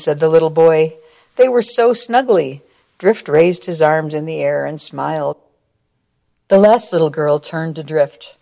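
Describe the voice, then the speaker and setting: At a church service, a deep-voiced woman reads a children's story aloud, taking it slowly and expressively, then closes with a short prayer.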